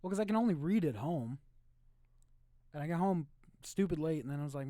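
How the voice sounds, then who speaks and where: A laid-back young man co-hosts a casual podcast, wry and easygoing in his replies. His voice is mellow and a little raised in pitch, recorded dry on a close mic. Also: lively intonation, fairly quick, long pauses, no echo. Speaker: podcast co-host. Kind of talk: casual chat.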